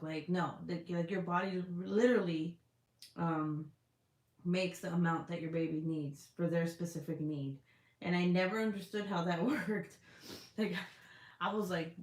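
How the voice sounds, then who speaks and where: Woman, livestream chat, candid and chatty, swears a lot, lowish voice, echoey room. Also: steady tone, unhurried. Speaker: livestream host. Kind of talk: casual chat. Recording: roomy echo.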